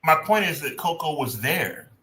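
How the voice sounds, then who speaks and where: A man's voice: a little high, expressive, moderate pace, bright, forceful tone, echoey room. A man co-hosting a wrestling podcast, chatting casually and hedging his opinions. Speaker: podcast co-host.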